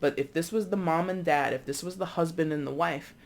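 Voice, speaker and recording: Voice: medium pitch, fairly quick, gravelly. A tarot reader giving a casual, rambling reading with many asides. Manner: chatty, rambling, animated with frequent asides.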